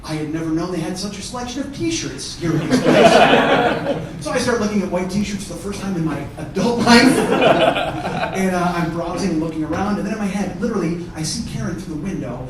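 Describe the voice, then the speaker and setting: A man's voice: high-pitched, a little fast, over a noisy crowd. Man telling a story on a theatre stage. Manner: conversational, profane, bantering with the audience. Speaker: stand-up comedian. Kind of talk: one-man show storytelling. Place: theatre stage with live audience. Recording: echoey theatre from far off.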